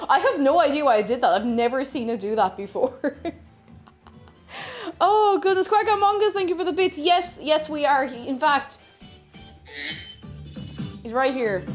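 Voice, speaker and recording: A woman's voice: sits high, lively intonation, normal speed, long pauses, soft background music. A woman streaming live, chatting casually and reading out viewer messages in a bubbly, sing-song way.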